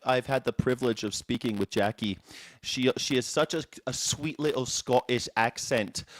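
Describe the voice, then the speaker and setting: A male host chats casually on his live show while seated, drifting between jokes and restarting his sentences. His pitch sits at an ordinary middle range. The sound is dry and close, with no room echo. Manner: rambling, playful, with many restarts. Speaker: host of a call-in news reaction show. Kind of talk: casual live-stream chat. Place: seated indoors.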